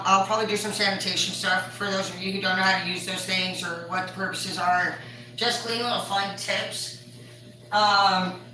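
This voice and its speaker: A woman's voice: medium pitch, bright, forceful tone, slight background noise. A woman chatting casually while she cooks, laughing and swearing, full of "like" fillers. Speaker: vlogger. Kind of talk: casual chat while cooking. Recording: echoey room from far off.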